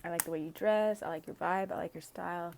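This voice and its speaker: A woman's voice: on the low side, steady tone, fast, creaky, a little mellow, slight background noise. A woman doing a casual tarot reading for viewers. She reads the cards aloud in a chatty way, with sighs and laughs along the way. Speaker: tarot reader.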